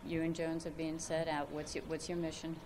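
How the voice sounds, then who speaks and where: Brisk low-voiced woman therapist. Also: background noise. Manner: calm, repetitive reassurance, insistent prompting. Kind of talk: guided exposure therapy session.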